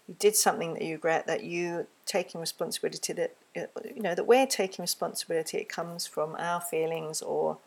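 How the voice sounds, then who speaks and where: Woman, fairly low voice, gentle, earnest, soothing, parenting talk, close mic. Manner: gentle, earnest, soothing when voicing empathy. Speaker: parenting teacher. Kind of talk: reflective spoken talk. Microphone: close microphone, solo recording.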